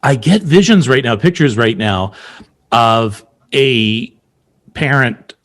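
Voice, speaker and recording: A man's voice: medium pitch, expressive, slow pace, a bit bright. A man hosting a podcast conversation, speaking reflectively and often repeating words as he searches for them. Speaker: podcast host.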